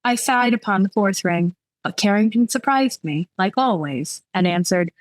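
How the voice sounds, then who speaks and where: A woman romance author, chatting candidly and reading aloud from her novel, self-deprecating and quick to laugh. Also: mid-range voice, animated, no echo, low-quality recording.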